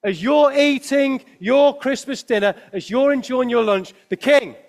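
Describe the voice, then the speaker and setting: A man giving a lively children's talk at a Christmas service, asking the children questions as he preaches. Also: very high voice, a little slow.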